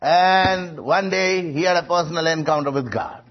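A man's voice: a little high, moderate pace, hardly any pauses. A man preaching a sermon, emphatic and rising on quoted lines, with frequent hesitations. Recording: muffled lo-fi recording.

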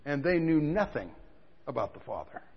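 A man preaching a sermon, telling stories with quiet asides that build to loud outbursts. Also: fairly high pitch, big pitch swings, normal speed, breathy edge. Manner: storytelling, swings from quiet asides to shouting. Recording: dull lo-fi recording with a long hall reverb.

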